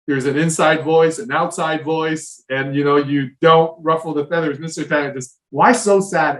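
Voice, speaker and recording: A man hosting an interview, asking long enthusiastic rambling questions. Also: medium pitch. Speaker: podcast host. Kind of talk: interview conversation. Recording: voice a bit distant from the mic.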